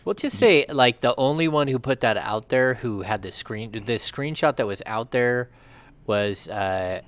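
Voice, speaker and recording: A man's voice: mid-range voice, expressive, unhurried, clean tone. A man, a sports reporter co-hosting a podcast, chatty and reasoning aloud. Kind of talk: casual sports chat.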